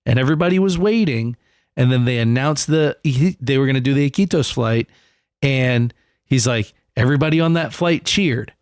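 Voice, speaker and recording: A man co-hosting a podcast, telling a story in casual chat, animated and swearing freely. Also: mid-range voice, moderate pace, smooth, dry recording, studio quality. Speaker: podcast co-host.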